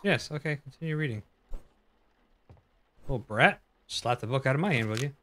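A man's voice: medium pitch, lively intonation, normal speed, pushed and bright, a little hiss or hum. Man, young adult, casual let's-play chatter, jumpy, playful. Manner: jumpy, joking reactions to the game. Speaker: gaming YouTuber.

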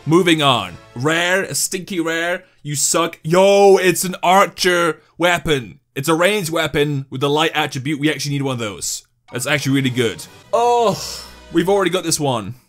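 An excitable young man commentating on a mobile game in a lively voice that leaps up high and loud when he gets worked up. He sits a little higher than most men, and faint music plays behind him. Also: normal speed. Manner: excitable, swings into loud high-pitched outbursts. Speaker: gaming YouTuber. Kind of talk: casual gameplay commentary.

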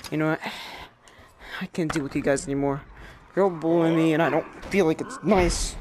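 A man with a slightly high voice narrates his game in a flustered rush, breaking into apologetic outbursts again and again. Clear background noise hisses under his voice throughout this noisy home recording. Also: fairly even intonation, fairly quick. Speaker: gamer. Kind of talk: let's-play commentary.

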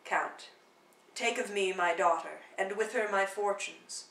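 A woman's voice: medium pitch, measured pace, vocal fry, fairly bright tone, roomy sound, recorded from a distance, rough recording. A woman voicing an older nobleman, a proud and fond father, talking in a chatty fatherly way in a play reading.

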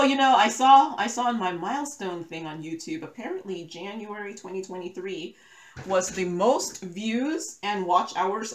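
Rambling woman chatting in a roomy room. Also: fairly low pitch. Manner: rambling, self-correcting, laughs often. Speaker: crafting YouTuber. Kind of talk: casual chat while diamond painting. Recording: roomy echo.

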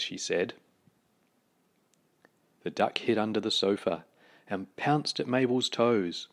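A man reading a children's picture book aloud, with slow, expressive storytelling. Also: on the low side.

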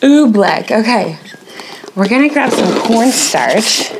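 A young woman leading a toddler learning video, talking slowly and cheerfully in exaggerated teacher tones. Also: on the high side, big pitch swings, background noise. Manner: slow, exaggerated, cheerful teacher talk with animal noises. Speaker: children's educator.

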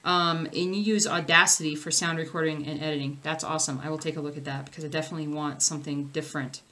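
A woman's voice: sits low, fairly even intonation, fast talker, sharp tone. Chatty woman reading viewer comments. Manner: chatty, rambling, answers viewer comments with fillers. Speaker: cross stitch vlogger. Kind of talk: casual livestream chat reading comments.

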